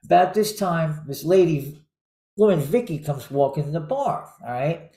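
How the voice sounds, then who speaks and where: A man hosts a relaxed chat and tells jokes and stories, chuckling as he goes. His voice sits a little high. The room around him rings with echo. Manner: chuckling storyteller, halting restarts. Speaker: show host. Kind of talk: casual joke-telling chat.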